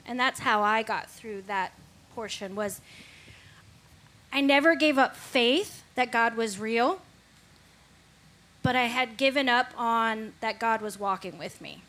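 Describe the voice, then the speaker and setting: A woman's voice: on the high side, a bit bright. A woman giving a candid, reflective faith testimony as a guest on a Christian talk show.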